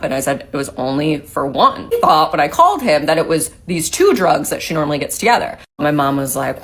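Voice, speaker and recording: A woman's voice: deep voice, sing-song, fairly quick, few pauses. A woman in a casual storytime video, acting out her family's voices as she tells it.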